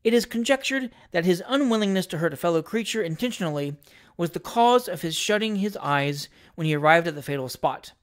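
A reader narrating a classic novel at a measured pace, with a wry, dry touch. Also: mid-range voice. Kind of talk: audiobook reading of a classic novel.

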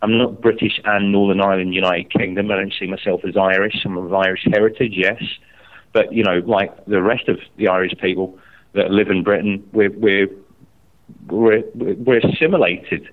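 Heated man ranting, lots of cursing, low-ish voice, sounds like it's coming through a phone. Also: normal speed. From Scotland. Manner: angry, swearing, animated storytelling. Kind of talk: heated casual chat. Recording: tinny phone line.

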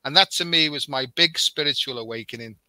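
A man's voice: mid-range voice, a little fast, sharp tone, no echo. A man as a podcast guest, telling a personal story in an earnest, candid way and slipping into quoted dialogue. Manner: emotional at moments.

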